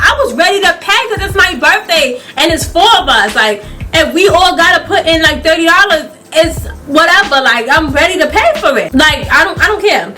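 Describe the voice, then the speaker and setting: A young woman with a high, bright voice spins a lively story-time tale for her channel, laughing through it and playing out the people she quotes. Soft music plays faintly beneath her talk. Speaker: YouTuber.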